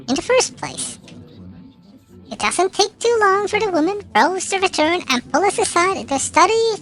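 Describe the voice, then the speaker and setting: A woman's voice: extremely high pitch, fairly bright tone. A woman streamer reading game narration aloud, with occasional slips and self-corrections.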